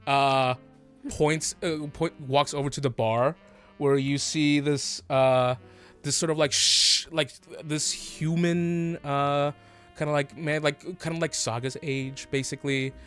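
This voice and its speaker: A man's voice: on the high side, fairly even intonation, measured pace, fairly bright tone, clean tone, soft background music. A man narrating a tabletop game as game master, rambling with many fillers.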